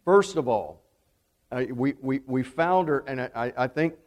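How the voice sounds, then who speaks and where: A man's voice: mid-range voice, normal speed. Southern man teaching a Bible class. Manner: conversational, asks the class questions. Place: church classroom, also streamed online. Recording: long hall reverb.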